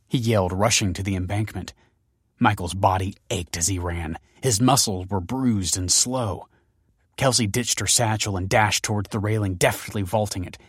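A man narrating a story in an even, measured audiobook reading. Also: deep voice, no room sound, clean studio sound.

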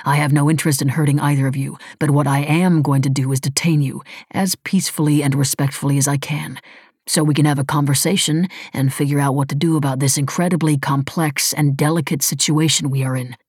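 A woman reading a composed man who holds all the power, speaking low and evenly. He lectures patiently, never raising his voice. The reading is husky and dry. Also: dry recording. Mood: calm. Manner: calm, measured, lecturing. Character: cool, controlled wealthy man in charge.

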